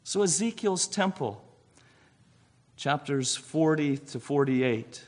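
A man's voice: on the high side, lively intonation, slow. A man preaching a sermon, asking rhetorical questions and answering them himself.

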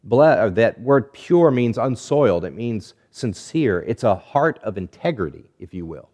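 A man preaching a sermon, measured and deliberate, stretching key words and letting phrases fall quiet at the end. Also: very animated. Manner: drops low and quiet at phrase ends. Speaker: pastor.

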